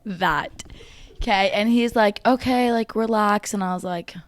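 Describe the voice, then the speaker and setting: A young woman co-hosting a podcast, telling a story in casual chat, laughing and at times dropping to a low mutter. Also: measured pace. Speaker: podcast co-host.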